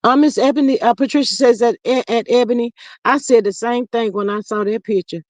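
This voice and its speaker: A woman hosting a livestream, reading viewer comments aloud in animated, gossipy chat and calling out to y'all. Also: fairly high pitch, fairly quick, no echo. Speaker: livestream host.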